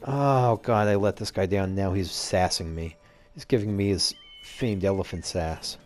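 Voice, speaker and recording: A man's voice: sits low, measured pace, faint music behind. A man hosting a casual let's play, reading game dialogue aloud and tossing in jokey, profane asides. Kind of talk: casual gameplay commentary.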